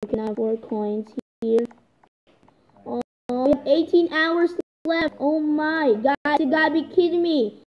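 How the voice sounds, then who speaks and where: A woman giving excitable, chatty commentary while playing a game, often calling out to "guys". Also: sits high, measured pace, highs cut off. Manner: excitable, keeps repeating "guys". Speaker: gaming vlogger.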